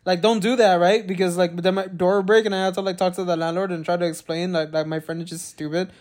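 A man's voice: high voice, flat delivery, fast, darkish tone. Rambling, profane male podcast co-host. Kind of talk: casual chat.

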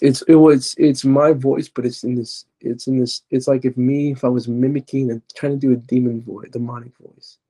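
A man with a very dark, mellow voice and a husky edge speaks as a podcast guest. He retells his personal testimony in an earnest, confessional way, circling back and restarting his sentences as he goes. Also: medium pitch.

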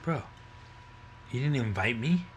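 Playful, teasing man with lively pitch. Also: unhurried, slight background noise. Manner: playful, teasing, laughs often. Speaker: podcast co-host. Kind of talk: casual chat.

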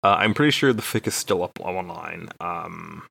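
A man's voice: low-pitched, normal speed, creaky, a bit bright, slightly rough. A young man from Texas, a podcast co-host, telling a rambling, profane, self-deprecating story in casual chat.

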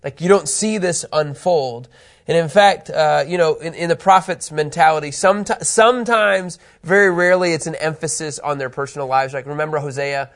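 A man's voice: a little high, normal speed. A man teaching a casual Bible class to a small group in a classroom, chatty, often asking the room questions. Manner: chatty, asks the room questions, restarts phrases.

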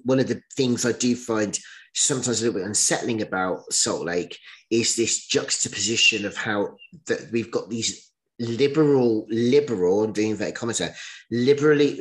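A man, co-hosting a casual chat podcast, animated and swearing, acting out scenes in little voices. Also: mid-range voice. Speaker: podcast co-host.

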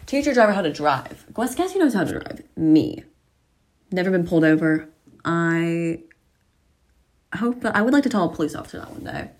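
A woman's voice: fairly low pitch, sing-song, normal speed, long pauses. Chatty teen girl vlogging at home. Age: teens. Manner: chatty, self-deprecating, rambling asides. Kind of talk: casual chat to camera. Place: bedroom at a mirror, at home.

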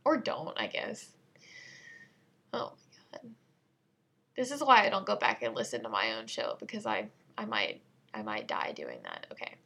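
A woman's voice: a bass voice, sing-song, moderate pace, creaky, long pauses, sharp tone, husky. A woman hosting a casual solo podcast, playful and self-mocking, prone to giggling as she talks. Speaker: podcast host.

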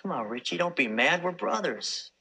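A breezy, unreliable charmer in a 1990s sitcom, always coaxing others to cover for him. His voice is bright, with lively swings in pitch. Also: normal speed, vocal fry, husky, exaggerated voice. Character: smooth-talking, unreliable charming adult brother.

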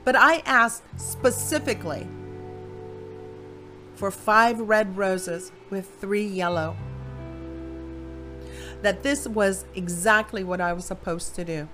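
Ohio woman preaching her testimony, acts out the quotes, soft guitar in back. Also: mid-range voice, slow, pauses often. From Ohio, USA. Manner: animated storytelling with voiced quotes. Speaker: Christian speaker. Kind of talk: personal testimony sermon.

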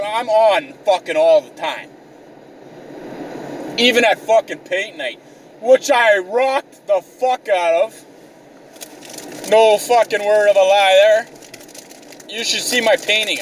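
A man's voice: high voice, animated, measured pace. A young man ranting exasperatedly in a profane, comedic vlog, swearing constantly. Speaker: vlogger. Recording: mic a bit distant, faint car noise.

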